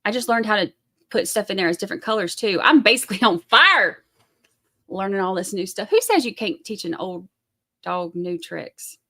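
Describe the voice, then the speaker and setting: A woman's voice: medium pitch, animated, fairly quick. A woman with a Southern US accent hosting a casual livestream, rambling and chatty as she reads out viewer comments. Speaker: livestream host.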